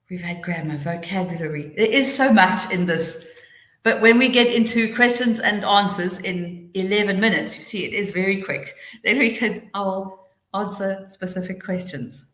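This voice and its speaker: A woman runs a live teacher-training webinar in a chatty, hurried way, sometimes laughing at herself. Her voice sits a little low. The sound is echoey, as if from a bare room. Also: a bit bright. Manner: chatty, rushing then slowing down, laughing asides. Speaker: TEFL trainer hosting a webinar.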